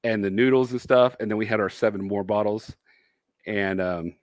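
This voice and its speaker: A man's voice: lowish voice, moderate pace, no echo. A man co-hosting a casual livestream chat, telling a rambling story and laughing often. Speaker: co-host.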